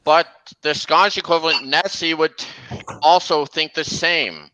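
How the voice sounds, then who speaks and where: A man chats casually while streaming a game, often talking over his friends. His voice is bright and sits somewhat high. He keeps the conversation going as host. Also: moderate pace, slight background noise. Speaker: streamer hosting a gameplay chat. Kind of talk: casual livestream chat over gameplay.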